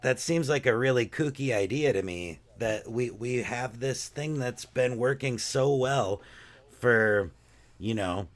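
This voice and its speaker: A man's voice: medium pitch, a little slow. A man with a mid-range voice co-hosts a casual podcast and muses aloud in loose, rambling sentences packed with fillers. He sounds easygoing and amazed by everyday things. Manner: rambling, wondering, full of fillers. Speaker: podcast co-host.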